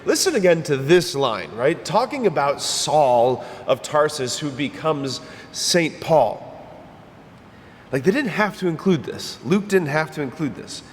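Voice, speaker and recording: A man preaching a homily in a slightly high voice, casual and emphatic, driving his points home by saying them twice. His words ring out with a long church reverb, and a faint low rumble runs underneath. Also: big pitch swings, a little slow. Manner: conversational, emphatic, repeats phrases. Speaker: priest.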